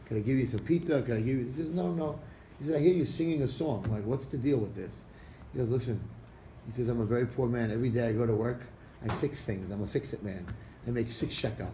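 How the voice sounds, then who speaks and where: Male rabbi, mellow voice, animated parable-telling, roomy hall sound with faint noise. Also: mid-range voice, fast talker. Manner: animated storyteller acting out characters' lines. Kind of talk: storytelling talk to an audience. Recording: echoey room recording with faint background noise.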